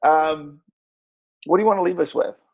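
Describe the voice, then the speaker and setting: Woman podcast host, gushing and affirming, lots of vocal fry. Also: low-pitched, moderate pace. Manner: warm, effusive, affirming. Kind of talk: casual interview chat.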